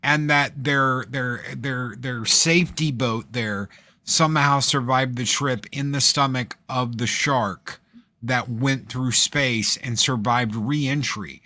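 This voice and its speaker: Animated male co-host, bright tone, dry sound. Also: mid-range voice, takes it slowly, dry recording. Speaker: podcast co-host. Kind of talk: casual movie review chat.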